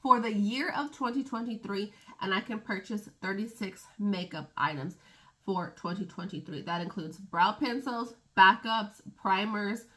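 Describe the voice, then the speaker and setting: A woman's voice: medium pitch, unhurried, pushed and bright. A woman beauty vlogger chatting casually to camera, rambling and laughing at her own stumbles.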